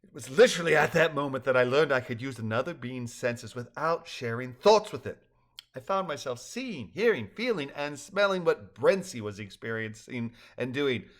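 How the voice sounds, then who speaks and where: A man voicing a gentle, troubled telepathic balloon creature, telling its story in an earnest, measured way. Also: mid-range voice, animated, natural voice.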